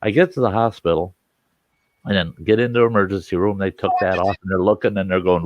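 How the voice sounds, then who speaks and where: A man casually telling a rough personal anecdote, acting out what people said. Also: sits low, a little fast, dry recording. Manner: animated anecdote with acted-out quotes. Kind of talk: casual storytelling.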